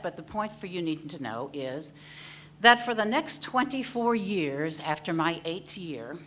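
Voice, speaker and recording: A woman's voice: sits low, fairly bright tone. A middle-aged woman therapist giving an earnest, direct personal talk to an audience. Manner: earnest, direct, addresses listeners as folks. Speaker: mental health therapist speaking at an event.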